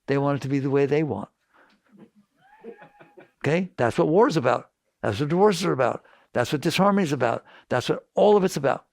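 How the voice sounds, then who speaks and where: Blunt, gravelly-voiced male spiritual teacher. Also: on the high side, a little fast, pauses often, no echo. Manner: blunt, animated, rhetorical questions. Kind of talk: spiritual talk to an audience.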